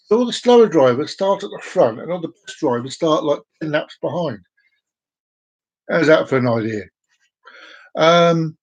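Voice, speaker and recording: A man, his voice sitting a little high, talks to camera in a rambling solo vlog. He jokes, drifts off topic and slips into a sing-song tone as if talking to himself. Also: husky. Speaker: vlogger.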